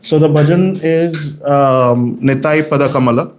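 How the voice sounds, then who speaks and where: A man giving a scripture class in a temple hall, telling the stories with animated energy and many fillers. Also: on the high side, unhurried, slight background noise. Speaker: class speaker.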